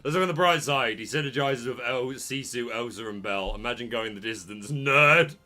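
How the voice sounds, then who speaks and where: A man, hosting a card-opening video with jokey, excitable commentary and bursts of shouting. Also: medium pitch, fairly quick. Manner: excitable, jokey trash talk with sudden shouts. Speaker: trading card channel host. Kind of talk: casual pack-opening commentary.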